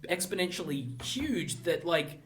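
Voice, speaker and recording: A man co-hosting a casual group podcast, ranting and swearing with excitement. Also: fairly high pitch, a little slow, a little hiss or hum. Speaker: podcast co-host.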